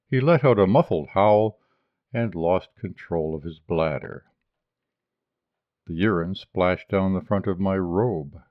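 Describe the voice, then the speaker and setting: A man reading a short story aloud as an audiobook narrator, in a measured, even delivery. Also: sits low, dry recording, muffled recording. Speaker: audiobook reader.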